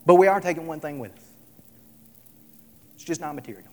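A man preaching a sermon, emphatic, repeating his lines and swinging between loud and soft. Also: a little high, brisk, slight background noise. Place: large hall, tonight service. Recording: echoey hall with long reverb.

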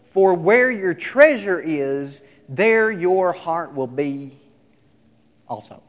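A man preaching a sermon, emphatic, repeating his lines and swinging between loud and soft. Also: high-pitched, expressive, slow. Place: large hall, tonight service. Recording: echoey hall with long reverb.

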